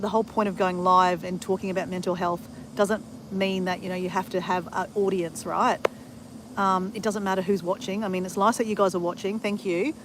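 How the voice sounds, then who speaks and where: A woman's voice: mid-range voice, a little hiss or hum, rough recording. A middle-aged woman talking casually to a live stream on her phone outdoors, rambling and adding "right?" often. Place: outdoors at a bushland cemetery.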